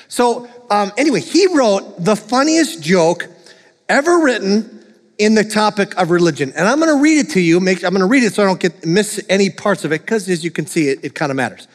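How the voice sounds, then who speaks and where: Male pastor, jokey sermon, chuckles a lot, high voice, long church reverb. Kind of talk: sermon with jokes. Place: church sanctuary.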